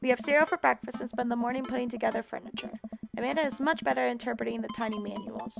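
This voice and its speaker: A woman's voice: a little high, fairly even intonation, fast talker, vocal fry, over music. A woman game streamer reading a playthrough aloud with playful, giggly commentary.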